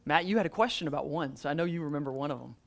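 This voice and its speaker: Man, church class moderator, pitched slightly high, loose and conversational, draws answers out of the room. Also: very fast, creaky, a bit bright. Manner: conversational, many "um"s and restarts, quizzes the class. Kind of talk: adult Sunday school class teaching.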